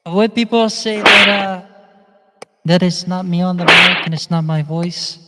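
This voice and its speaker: A man's voice: high voice, flat delivery, measured pace, very noisy. A man vlogging in a chatty, meandering way, often laughing as he talks. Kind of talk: casual rambling monologue. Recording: long echoing reverb.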